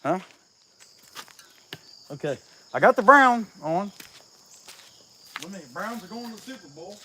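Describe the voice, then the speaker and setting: A man's voice: sits high, lively intonation, unhurried, sharp tone. A middle-aged man chatting casually on a livestream while he carves. He reads viewer comments aloud in a laid-back way and sounds a little sniffly from a cold. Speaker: chainsaw carver streaming live. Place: outdoor workshop.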